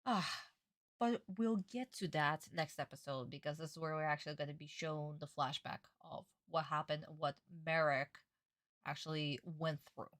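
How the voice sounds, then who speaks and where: A woman in a casual livestream reaction, rambling and excitable, with a frequent swear thrown in. Her voice sits a little low but rings bright and forceful, recorded close and dry with no room sound. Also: normal speed, no echo. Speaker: streamer reacting to a cartoon.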